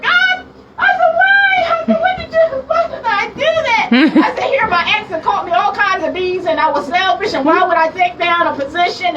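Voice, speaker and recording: A woman, sharing her testimony at a women's conference in a lively, laughing storytelling manner. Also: very high voice, lo-fi sound. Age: late 40s. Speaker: minister and speaker. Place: conference room with audience. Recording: distant mic, audience sounds.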